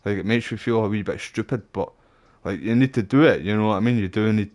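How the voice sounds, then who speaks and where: A Scottish man chatting on a game stream in a relaxed, rambling way, with words like "wee" and "aye" slipping in. His voice sits fairly low. He talks as if to a friend. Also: quick pace. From Scotland. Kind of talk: casual live-stream chat.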